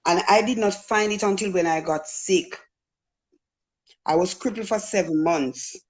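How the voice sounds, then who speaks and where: A woman's voice: mid-range voice, unhurried. Middle-aged jamaican woman telling her story, earnest, acts out voices. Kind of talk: casual testimony.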